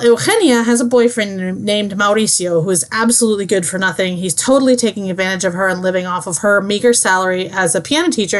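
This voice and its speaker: Young woman student rambling through a book summary, super chatty, lots of likes. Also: mid-range voice. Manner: chatty, lots of fillers, breezy.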